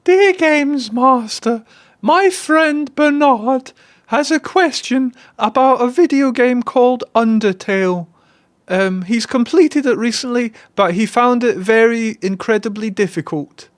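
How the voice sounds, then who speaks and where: A man putting on a high-pitched mock accent to address an AI, mock-formal and slipping. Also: unhurried, dry recording, clean studio sound.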